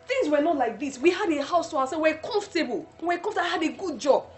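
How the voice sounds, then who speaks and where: A woman's voice: sits high, animated, rapid-fire. A woman with a Nigerian accent playing a desperate immigrant wife who scolds and pleads in a film drama, slipping into Yoruba. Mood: upset. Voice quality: emotional, mixes in Yoruba phrases. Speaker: Nigerian wife stranded in America. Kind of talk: church film drama acting.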